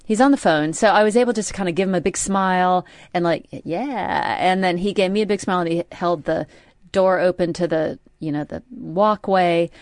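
A woman's voice: lowish voice, no echo, studio quality. A middle-aged woman, co-hosting a radio show in casual chat, telling a rambling story with many restarts. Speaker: radio co-host. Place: radio studio.

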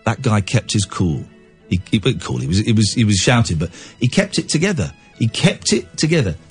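A man's voice: lowish voice, sing-song, a little fast, husky, soft background music. A man hosting a radio phone-in, thinking aloud with many restarts. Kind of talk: casual radio talk.

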